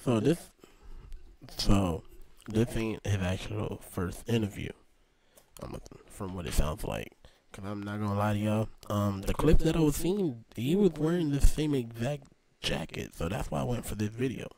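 A man's voice: lowish voice, expressive, moderate pace, darkish tone. A man hosting a reaction video, commenting casually in slang.

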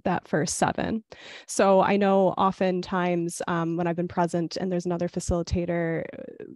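Low gravelly woman facilitating a group call. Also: no room sound, clean studio sound. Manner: gentle, inviting. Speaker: discussion facilitator. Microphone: video call.

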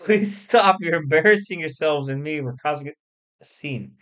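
A man's voice: on the high side, normal speed, a bit bright, natural voice. A man doing a frantic, exasperated young guy. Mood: pleading. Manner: pleading, exasperated.

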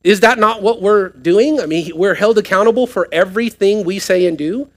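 A man's voice: sits high, normal speed, a bit bright. A man preaching a sermon as pastor to a live congregation, putting questions to the room and pressing points with rising emphasis. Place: church sanctuary, live service.

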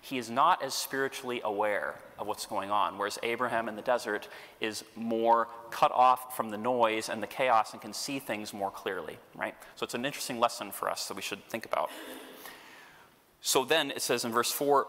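Male priest teaching Bible class, humorous and animated, bright voice, reverberant hall sound. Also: medium pitch, a little fast. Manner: animated, chuckling, humorous asides. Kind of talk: Bible study lecture.

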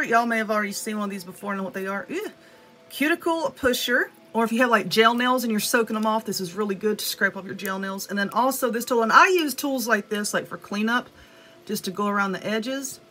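A woman with a Southern US accent chatting excitedly to viewers as she unboxes nail art supplies, gushing over each item. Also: fairly high pitch. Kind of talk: casual unboxing chat.

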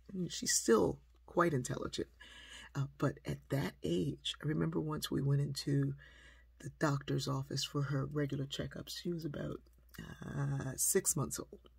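A woman telling a personal story in a lively, conversational way, acting out the people in it. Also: low-pitched, gravelly, breathy edge, dry recording. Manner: lively, conversational, acts out quotes. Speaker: speaker, storyteller.

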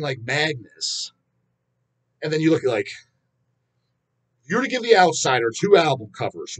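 A man hosting a metal channel, ranting bluntly and with heavy swearing in casual talk to viewers, with frequent restarts and drawn-out fillers. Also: mid-range voice. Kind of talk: casual rant answering viewer questions.

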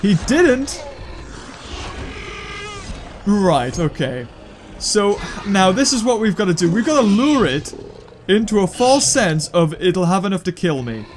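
High, lively gamer commentator. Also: male voice, measured pace, pauses often, a little hiss or hum. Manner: excitable, thinking aloud, sudden high yelps. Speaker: gaming YouTuber. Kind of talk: live gameplay commentary. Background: game music.

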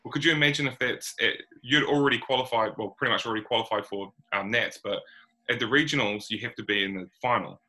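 Laid-back New Zealand man, bright voice. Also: mid-range voice, quick pace, rough recording. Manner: chatty, rambling, laid-back slang. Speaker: podcast host. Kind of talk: casual chat.

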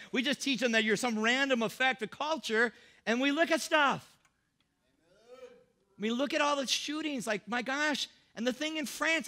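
A man preaching in a church in a loose, joking way, as if chatting with his listeners. His voice sits high and carries a bright, forceful edge. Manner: humorous, conversational preaching, acts out Bible characters in quick voices. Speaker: pastor. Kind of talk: sermon.

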